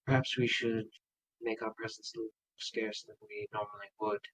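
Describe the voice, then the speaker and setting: A man voicing a composed woman rider who speaks softly and in measured phrases. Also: fairly low pitch, little pitch movement, slight background noise, lightly acted, low-quality recording. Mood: wary.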